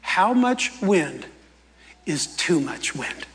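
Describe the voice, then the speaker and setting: A man preaching a sermon in a playful, animated way, acting out the quoted lines as he goes. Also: a little high, extremely slow, big-room sound. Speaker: pastor.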